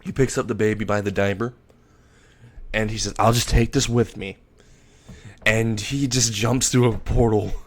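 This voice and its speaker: A man narrating a fan-made story in a casual, rambling way, restarting words and swearing casually. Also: medium pitch.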